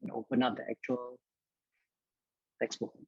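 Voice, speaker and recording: A man's voice: medium pitch, monotone, moderate pace, husky, no room sound, dull audio. A man tutoring biology in a live online lesson, talking straight to his viewers and filling his speech with "okay".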